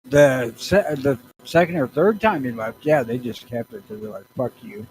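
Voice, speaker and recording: This man co-hosts a podcast, trading casual, profane banter in a blunt, grumpy way and swearing freely. His voice is medium-pitched and a little mellow, with lively intonation at a normal pace. The rough recording carries slight background noise.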